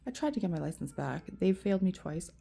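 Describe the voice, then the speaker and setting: A woman with a gravelly, fry-laden voice pours out a rambling, profane rant to her viewers. Her tone is very dark and mellow, and the pitch sits fairly low. She talks loosely, with many fillers. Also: animated, fast talker, a little hiss or hum. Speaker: vlogger. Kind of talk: emotional rant to camera.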